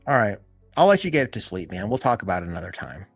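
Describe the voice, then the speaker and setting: Low husky man rambling on a stream. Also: very animated, quick pace, dry recording, faint music behind. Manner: rambling, heavy on fillers like "you know" and "like". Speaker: live stream host. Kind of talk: casual chat.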